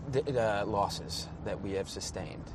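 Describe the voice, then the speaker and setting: Brief: nervous con man, halting and coaxing, street and car noise behind. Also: on the low side. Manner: halting, coaxing, fumbling for words.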